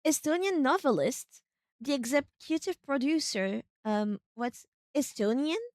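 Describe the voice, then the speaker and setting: A woman streaming a video game, chatting casually, thinking aloud in a rambling way with sudden excited outbursts. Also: sits high, unhurried, no room sound, clean studio sound.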